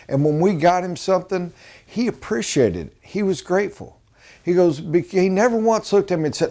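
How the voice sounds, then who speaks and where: A man's voice: high-pitched, animated, moderate pace, darkish tone. A middle-aged man giving a rambling, earnest motivational talk as a sales trainer.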